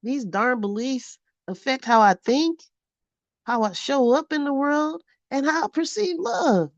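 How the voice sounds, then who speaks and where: A woman's voice: high voice, a little slow, no echo, muffled recording. A woman in her fifties reading her own journal aloud in a candid vlog. She talks frankly, swears freely and often laughs at herself. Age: 50s. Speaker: vlogger.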